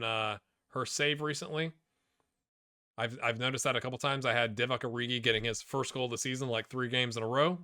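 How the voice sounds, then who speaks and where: A man's voice: medium pitch, dry recording, studio quality. A man giving let's-play commentary on a football management game, talking straight to the players on screen and getting worked up. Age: middle-aged. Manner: excitable, talks to players on screen. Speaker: gaming YouTuber.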